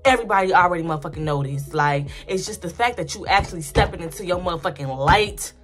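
A woman's voice: on the low side, fast talker, faint music behind. A woman vlogger giving spiritual commentary in a blunt, profane, emphatic rant that repeats points over and over. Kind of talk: ranting casual commentary.

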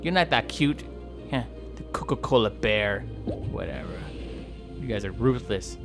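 With a lowish, gravelly voice that's animated yet unhurried, a man plays a talkative, good-natured male bowhead whale who rambles on, jokes and mocks polar bears. It's playful game commentary role-play, with music behind him.

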